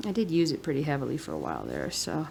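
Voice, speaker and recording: Her voice is low and gravelly, yet her pitch swoops wildly and her pace is quick as this cross-stitch vlogger in her thirties chats through a relaxed stitch-along. She's soft-spoken and rambling, murmuring to herself while she stitches. There's a faint hiss of room noise in the background.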